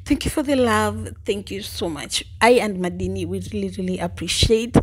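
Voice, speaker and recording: A woman's voice: medium pitch, normal speed. Bubbly young Kenyan woman vlogging. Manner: bubbly, mixes English and Swahili, giggly. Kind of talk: casual vlog chat.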